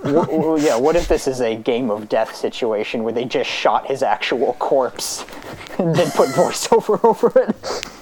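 A man's voice: mid-range voice, lively intonation, crowd noise, low-quality recording. Dry, sarcastic male podcast guest. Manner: dry, sarcastic and quick to poke holes. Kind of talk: casual podcast chat.

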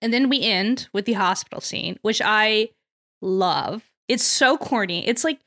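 A woman hosting a podcast in casual chat, recapping scenes with lively energy, laughing often and acting out characters' lines. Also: medium pitch, measured pace. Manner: animated, laughs often, acts out quotes. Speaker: podcast host.

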